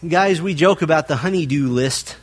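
A male pastor delivers a sermon in an earnest, emphatic way, driving points home by repetition and speaking straight to his listeners. His voice sits a bit higher than most men's. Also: moderate pace. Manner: earnest preaching with emphatic repetition and direct address.

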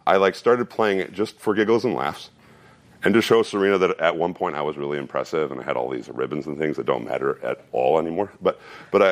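A man in his thirties preaching a sermon, earnest and repeating phrases as he builds each point, sometimes dropping into a relaxed, story-telling tone. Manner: drops to a low conversational tone for a personal story. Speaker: pastor.

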